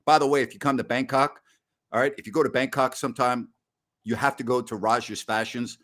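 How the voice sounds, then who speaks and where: A man in his sixties hosting a casual post-game show, telling rambling stories loudly with salty language. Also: medium pitch, fairly even intonation, brisk. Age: 60s. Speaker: host.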